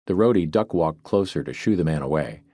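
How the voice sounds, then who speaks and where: Deep-voiced man narrating an audiobook. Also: lively intonation, mellow, no echo, studio quality. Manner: wry, brisk, wisecracking storytelling. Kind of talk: first-person scripted narration. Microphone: studio microphone, close.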